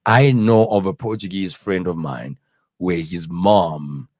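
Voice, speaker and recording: A man's voice: deep voice, a little mellow, no room sound. Guy hosting a chill chat, keeps restarting and saying uh, dry close sound. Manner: halting, full of fillers and restarts; earnest and explanatory. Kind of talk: casual chat.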